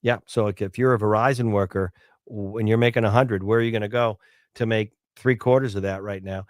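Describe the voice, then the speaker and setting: A man's voice: fairly low pitch, steady tone, a little fast, dry recording, clean studio sound. A man hosting a talk radio show, speaking in a conversational, rambling way with fillers and repeated words.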